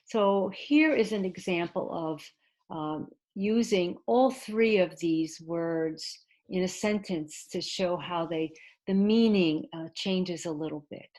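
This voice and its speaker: Her pitch is fairly low and her tone darkish as she leads an online English class. Patient and unhurried, she pauses often, uses plenty of fillers, and translates key points into Mandarin for her students.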